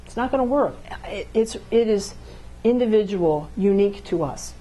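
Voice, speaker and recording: Woman instructor, lecture delivery, repeats key points, frequent "okay?" check-ins, mid-pitched. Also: lively intonation, moderate pace, mellow, slightly rough. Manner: acts out couples' dialogue to illustrate. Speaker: relationship class instructor. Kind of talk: classroom lecture.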